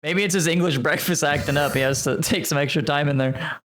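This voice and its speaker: A man's voice: on the high side, fairly quick, fairly bright tone, slight background noise. A man co-hosting a live esports tournament, playful and hesitant, with lots of fillers and restarts. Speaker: esports co-host and caster. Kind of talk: live esports commentary and banter.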